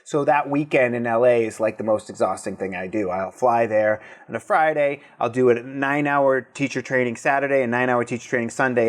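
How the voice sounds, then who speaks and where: A man with a Boston accent, a breathwork teacher being interviewed, talking openly and emotionally in a rambling casual way. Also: medium pitch. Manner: open, emotional, rambling with restarts.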